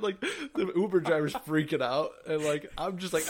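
A man's voice: high voice, moderate pace. A man in his twenties in a casual chat, telling a story with lots of swearing and laughter. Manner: profane, animated, laughing.

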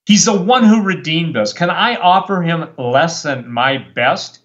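A man's voice: on the high side, expressive, a little slow, fairly bright tone, highs cut off. Fiery worked-up preacher man. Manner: worked up, fiery, rambling with restarts. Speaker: guest preacher. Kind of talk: impassioned talk-show monologue.

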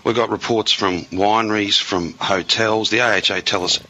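A man's voice: fairly low pitch, fairly even intonation, moderate pace, bright, forceful tone, poor audio. A man from regional Victoria with an Australian accent, defending a government decision in a radio interview in an upbeat, talking-point way. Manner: upbeat, defensive, talks in stock lines. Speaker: government minister.

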